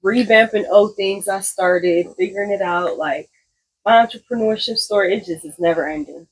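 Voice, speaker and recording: A woman guest on a podcast talks through her entrepreneur life in a relaxed, reflective way. Her voice is husky and sits at a middle pitch. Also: moderate pace, rough recording. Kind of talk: casual chat.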